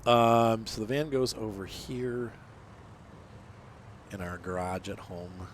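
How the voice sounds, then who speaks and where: A man's voice: lowish voice, slow pace, a little hiss or hum. Chatty man narrating his gameplay. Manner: chatty, rambling, teasing banter. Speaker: gaming channel host. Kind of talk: casual let's-play commentary.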